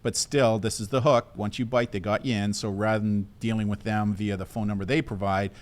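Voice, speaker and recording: A man's voice: on the low side, fairly even intonation, fairly quick. An older man co-hosting a casual tech-safety chat, teasing his partner and asking plain questions for older viewers. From Canada. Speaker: co-host.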